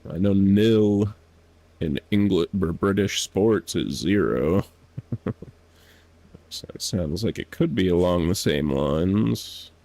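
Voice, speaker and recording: A man's voice: low voice, slow pace, mellow, no room sound. A man streaming a game, chatting casually to himself, laughing often and sounding out foreign words. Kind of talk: casual gameplay commentary.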